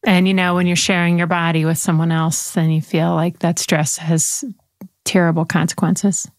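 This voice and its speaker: A woman's voice: lowish voice, flat delivery, normal speed, dry recording, clean studio sound. A woman hosting an interview, thoughtful and articulate, responding with empathy. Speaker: host. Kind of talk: interview conversation.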